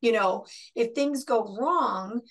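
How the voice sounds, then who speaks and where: American woman co-host, somewhat high voice, calm explainer. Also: slow pace. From United States. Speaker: podcast co-host. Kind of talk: casual explaining.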